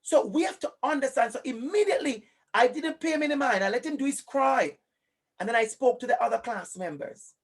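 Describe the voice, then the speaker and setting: A man with a Jamaican accent giving a live online lecture, animated and emphatic, turning to a colleague by name. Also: very high-pitched, brisk, breathy edge.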